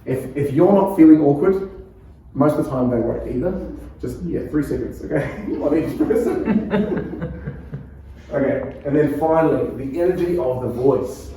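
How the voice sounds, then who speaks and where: Calm Kiwi pastor in an echoey hall. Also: male voice, a little high, normal speed, a little hiss or hum. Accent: New Zealand. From New Zealand. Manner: calm, conversational, laughs often. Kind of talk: preaching workshop teaching. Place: church hall. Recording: echoey room, far from mic.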